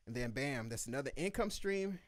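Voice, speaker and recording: A man hosting a live beat review show, telling a story in casual chat and acting out the quotes with lively voices. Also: mid-range voice, brisk, dry recording.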